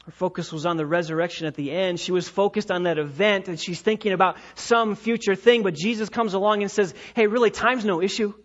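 A man preaching a sermon, dramatic, with swings from loud emphatic lines to hushed ones. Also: high voice, a little fast, hardly any pauses, lo-fi sound. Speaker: pastor.

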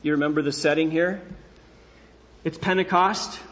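A man's voice: a little high, steady tone, normal speed, a bit bright, long reverb tail, muffled recording. A male pastor preaching a sermon in earnest, asking rhetorical questions and repeating key phrases.

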